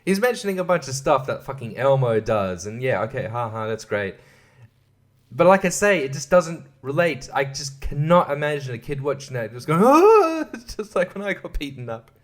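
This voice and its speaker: Male podcast host, mid-pitched, foul-mouthed ranter who laughs at his own points. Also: lively intonation, normal speed. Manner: profane, ranting, laughs often; drops to hushed asides. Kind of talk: solo podcast rant.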